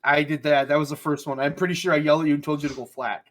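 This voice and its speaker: A man co-hosting a casual podcast chat, who swears freely and laughs through animated stories. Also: fairly high pitch, racing. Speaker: podcast co-host.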